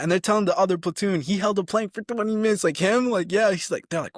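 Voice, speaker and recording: A man's voice: high-pitched, quick pace, few pauses, no room sound, clean studio sound. A young man in his twenties, an army soldier telling stories in a casual interview, rambling with restarts and acting out quotes.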